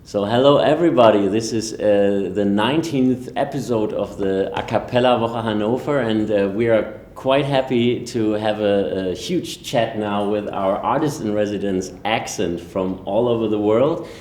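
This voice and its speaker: A man's voice: lowish voice, normal speed, few pauses, darkish tone. A man hosting a podcast interview, hesitant and full of fillers. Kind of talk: casual interview. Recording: echoey room, faint background noise.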